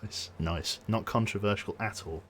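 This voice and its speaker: A man's voice: on the low side, normal speed, fairly bright tone, breathy edge. A man with a Birmingham accent chatting casually as a game streamer, rambling and chuckling, his voice tired and strained close to giving out. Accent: Brummie (Birmingham). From Birmingham, England. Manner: rambling, self-interrupting, chuckles often. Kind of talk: casual stream sign-off chat.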